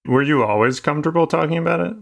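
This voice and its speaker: A man's voice: fairly high pitch, quick pace, gravelly. Shy, self-deprecating podcast host man. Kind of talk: casual podcast narration and interview.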